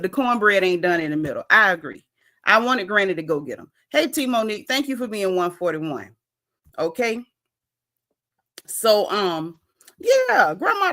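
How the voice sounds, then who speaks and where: In a mid-range voice, a woman recaps a reality show during a laid-back livestream. She acts out the cast's words, reads viewers' comments aloud, and tells it all with lively swings in her voice.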